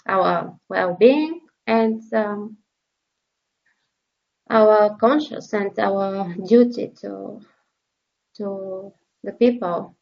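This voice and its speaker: Slow, halting woman journalist. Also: mid-range voice, vocal fry, highs cut off. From Bulgaria. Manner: halting, many fillers and repeated words. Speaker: journalist, interview guest. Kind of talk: emotional interview testimony.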